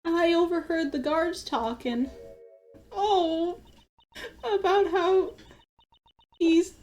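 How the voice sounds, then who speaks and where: A woman voicing a cheerful, plucky young girl in a game read-through, pitched up high and childlike. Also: very slow, darkish tone, soft background music, exaggerated voice. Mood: sad.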